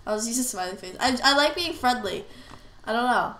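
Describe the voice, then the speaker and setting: Brisk and expressive, this gamer's slightly high voice sounds pushed and bright, though her nose is blocked up from a cold. She talks to herself in a chatty way as she plays, offering casual commentary. Faint noise and a roomy echo fill the recording.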